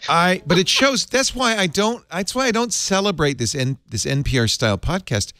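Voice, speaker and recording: An older man hosting a casual panel chat, jokey and animated, often laughing. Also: high-pitched, moderate pace, smooth, no room sound, clean studio sound. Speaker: host.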